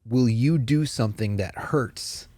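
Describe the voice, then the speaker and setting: A man's voice: medium pitch, measured pace, darkish tone, no echo. A man in casual conversation on a church podcast, talking earnestly and telling stories with many fillers.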